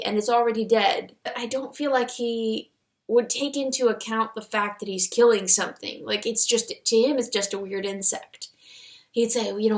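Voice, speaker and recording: A woman's voice: fairly high pitch, steady tone, unhurried, vocal fry, darkish tone. A woman who reads aloud her old fan fiction and mocks it in a wry, self-mocking way. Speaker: fanfiction author reviewing her own story. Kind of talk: comedic commentary and reading aloud.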